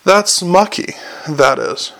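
A scruffy, sulky constable, voiced by a man whines through every complaint. The voice is pitched fairly high with a gravelly grain. It suits a storybook reading. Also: expressive, takes it slowly, bright, forceful tone, full character voice. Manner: sulky, whiny. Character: scruffy, sulky, whiny male watch constable.

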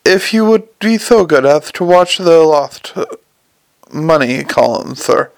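A man voicing a gloomy, deferential male servant in an audiobook, speaking low and flat. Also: takes it slowly, vocal fry, dry recording, full character voice.

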